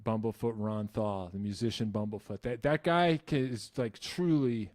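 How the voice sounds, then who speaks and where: In a dry, studio-quality recording, a young New Jersey man with a lowish voice speaks at a moderate pace. He's a musician YouTube host doing a casual Q&A, swearing a lot, restarting sentences often and poking fun at himself in animated asides.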